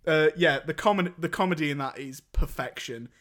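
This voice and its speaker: Young man, podcast host, rambling casual chat, slightly high pitch. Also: normal speed, fairly bright tone. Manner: rambling, chatty, laughs while retelling scenes.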